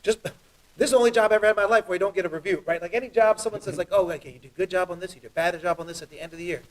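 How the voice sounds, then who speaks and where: A man who is a judge, talking earnestly and quickly as an interview guest, telling stories with animation. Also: sits high, recorded from a distance, rough recording. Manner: earnest, fast, animated storytelling. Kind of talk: interview guest, heartfelt talk.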